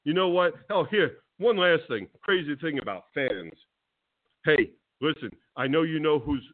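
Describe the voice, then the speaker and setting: A male talk radio host ranting combatively at a rival, then welcoming his co-host. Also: medium pitch. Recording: phone-line audio.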